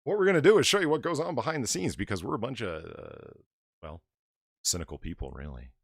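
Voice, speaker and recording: Animated rambling male stream host. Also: mid-range voice, quick pace, creaky, slightly rough, no echo, clean studio sound. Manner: rambling, animated, reads donations aloud. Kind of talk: casual livestream chat.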